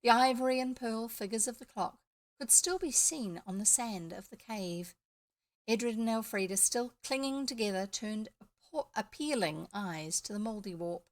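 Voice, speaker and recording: A woman's voice: a little high, normal speed. New Zealand woman reading a children's classic. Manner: lively storytelling with chatty asides. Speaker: audiobook reader. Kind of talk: reading a classic children's book aloud, with asides.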